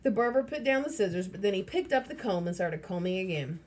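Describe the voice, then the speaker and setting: A woman's voice: mid-range voice, animated, fast talker, few pauses, a little mellow. A woman reading a children's novel aloud and casually stopping to explain the story. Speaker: reader.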